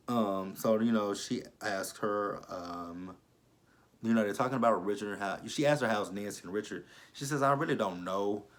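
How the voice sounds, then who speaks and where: A man giving a casual, blunt and profane recap of a TV episode, exasperated with the characters. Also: fairly low pitch. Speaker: TV show reviewer.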